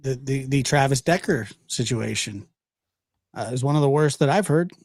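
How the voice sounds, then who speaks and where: A man's voice: mid-range voice, expressive, normal speed, darkish tone, dry recording, studio quality. A man on a livestream panel over a video call, telling anecdotes and trading teasing banter. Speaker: panel guest.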